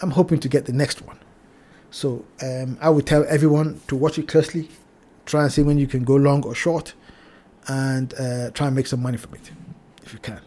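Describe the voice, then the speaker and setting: A man hosting a trading channel, walking through price charts in a cautionary tone, repeating his warnings and addressing viewers as ladies and gentlemen. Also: medium pitch, steady tone, moderate pace. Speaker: crypto trading channel host. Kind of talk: chart analysis talk.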